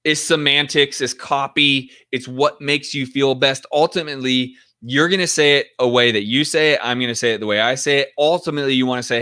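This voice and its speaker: A man's voice: mid-range voice, normal speed, pushed and bright. A man teaching in a casual, direct way, often acting out sample phone calls to show what to say. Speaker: real estate investing coach.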